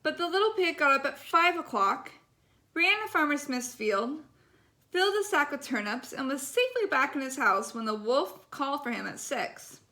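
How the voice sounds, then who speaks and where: A woman reading a bedtime story aloud, gentle and expressive. Her voice sits high and sounds bright and clear. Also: normal speed.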